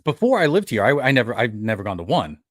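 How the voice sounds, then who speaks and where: A man's voice: medium pitch, fast talker, no echo. Middle-aged new guy hosting a podcast, bouncy storytelling voice, dry close sound. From New York. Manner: animated storyteller who acts out what others said. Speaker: podcast host. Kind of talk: casual podcast chat.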